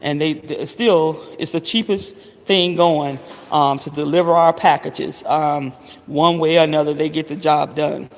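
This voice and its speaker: A man's voice: fairly high pitch, fairly even intonation, measured pace, creaky. A man chatting casually to his viewers, calling them honey and swearing freely. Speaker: vlogger. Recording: long reverberant echo.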